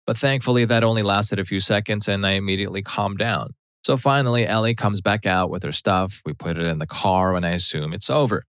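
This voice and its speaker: A man narrating a personal story aloud in a steady, matter-of-fact way. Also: on the low side, brisk, smooth, no room sound, clean studio sound.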